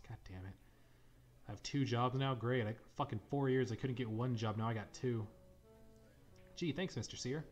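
A young man riffing through a gameplay session with sarcastic, crude jokes. His voice sits at a plain mid male pitch, and faint game music plays underneath. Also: normal speed, long pauses. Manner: sarcastic, profane, jokey. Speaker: let's play commentator. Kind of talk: casual gameplay commentary.

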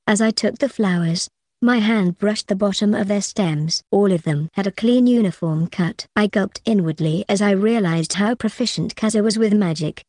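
A woman reads a first-person novel aloud at a steady, even pace. Her pitch sits at a middle level. The recording is close and dry, with no room sound. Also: normal speed, no echo. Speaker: audiobook narrator.

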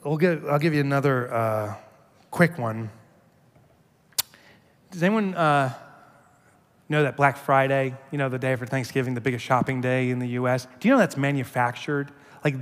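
A man giving a keynote speech, telling jokey stories in an animated way. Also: mid-range voice, moderate pace. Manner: animated, joking storyteller. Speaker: keynote speaker. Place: large conference hall. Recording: long hall reverb.

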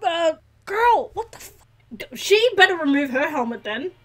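A woman hosting a reaction video, excitable, often laughing and shouting as she reacts. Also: very high-pitched, moderate pace.

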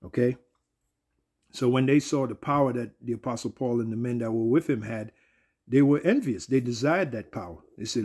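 A man teaches scripture in a loose, conversational way. His voice is husky and dark in tone. He restarts phrases and keeps checking in with his listeners. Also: mid-range voice, moderate pace. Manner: conversational, repeats words, asks "all right?". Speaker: Bible teacher. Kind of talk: casual Bible teaching.

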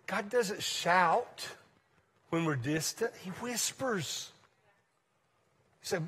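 A male pastor with a high, light voice delivers a sermon to a church congregation. He preaches slowly and deliberately, in a conversational yet emphatic way, swinging between raised points and hushed asides. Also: animated, breathy edge. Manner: conversational, emphatic preaching with sudden drops to quiet.

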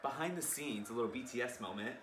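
A man hosting a music video reaction vlog, talking in a profane, flamboyant and excitable way. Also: mid-range voice, fast talker, background noise. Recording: roomy echo with music playing.

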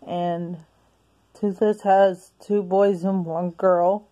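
A woman's voice: lowish voice, level tone, extremely slow, dark tone. A woman reviewing a movie in a casual home video, talking hesitantly with many restarts and sounding out of breath.

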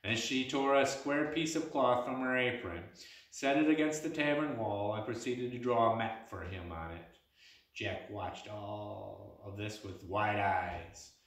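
A man reads a story aloud in a plain, unhurried way, with a few stumbles and restarts. The recording rings in a very echoey room with the mic placed well back. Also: fairly low pitch, fairly bright tone, far from the mic. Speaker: reader.

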